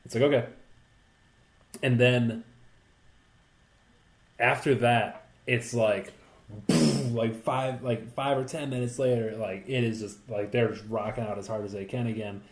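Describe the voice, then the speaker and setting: A man's voice: medium pitch, fairly even intonation, measured pace. A young man casually telling a rambling, profane story on a podcast, full of fillers. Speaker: podcast co-host. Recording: echoey room.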